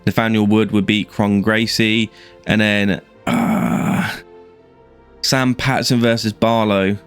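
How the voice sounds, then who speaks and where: Low-voiced Irish man rambling about fights. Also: level tone, takes it slowly, clean tone, soft background music. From Ireland. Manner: rambling, with many fillers and restarts. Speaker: MMA YouTuber. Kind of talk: casual fight-prediction chat.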